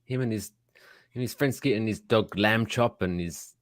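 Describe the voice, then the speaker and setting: A man's voice: on the low side, normal speed, dry recording. A man with an English accent co-hosting a casual podcast chat, with dry, teasing banter. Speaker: podcast co-host.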